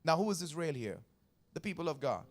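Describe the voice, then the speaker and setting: A man's voice: fairly high pitch, sing-song, fairly quick. A man preaching a Sunday sermon as pastor, repeating phrases and putting questions to the congregation. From India. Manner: emphatic, repetitive, questions the congregation. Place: church service.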